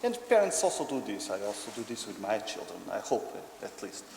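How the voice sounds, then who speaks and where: A man's voice: on the low side, very animated, fairly quick, creaky, darkish tone. A man with a Portuguese accent giving a conference lecture, explaining hesitantly with many ums. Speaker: conference speaker. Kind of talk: academic lecture. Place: conference hall. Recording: echoey hall with faint noise.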